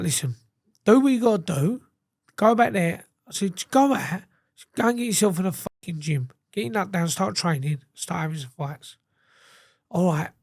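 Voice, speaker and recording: A man's voice: on the high side, vocal fry, dry recording, clean studio sound. A man, a guest telling a story in a casual, blunt way, swearing freely and acting out what others said. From England. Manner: blunt, sweary, acts out quoted dialogue.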